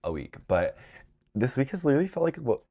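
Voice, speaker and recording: A tired young man hosting a casual vlog, chatty and dramatic, swinging between drained sighs and excited squeals. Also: medium pitch, quick pace. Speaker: vlog host.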